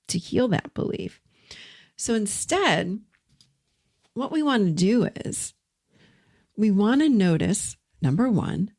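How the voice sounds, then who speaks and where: Gentle, encouraging woman teaching self-help. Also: mid-range voice, vocal fry.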